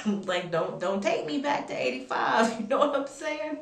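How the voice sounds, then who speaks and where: Woman telling a story to camera, animated, profane, higher voice, roomy room, off-mic. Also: normal speed, distant mic. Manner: animated, profane, laughing asides. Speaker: vlogger.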